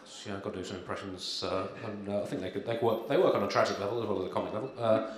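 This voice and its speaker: A man doing a stand-up comedy set with a dry, halting delivery full of ums and uhs, performed live. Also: fairly low pitch, slight background noise. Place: live comedy venue, in front of an audience. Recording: echoey live room with crowd.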